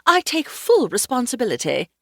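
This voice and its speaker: A woman's voice: mid-range voice, animated, takes it slowly, no room sound, studio quality. A woman doing a theatrical, grandly declaiming coworker. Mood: mock posh. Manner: grandly declaiming, play-quoting. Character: theatrical, dramatic female librarian coworker.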